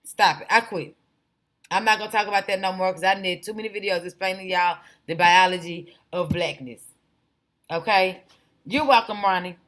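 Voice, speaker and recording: A woman hosts a casual livestream, addressing her chat viewers directly and bluntly while rambling off on tangents. Her mid-range voice is a bit bright and moves at normal speed.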